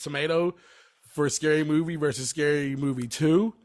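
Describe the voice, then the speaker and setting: A male podcast co-host with a slightly high voice. He drops short, wry and dismissive remarks in casual chat. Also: steady tone, normal speed, a little mellow.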